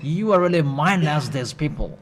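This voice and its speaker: A man preaching a sermon in a halting, repetitive, scolding way. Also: on the high side, expressive, over music.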